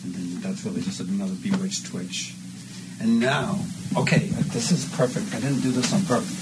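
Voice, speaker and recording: A man directing actors through an amateur audio drama recording, chatty and quick with directions. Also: fairly low pitch, steady tone. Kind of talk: casual directing. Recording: loud background noise.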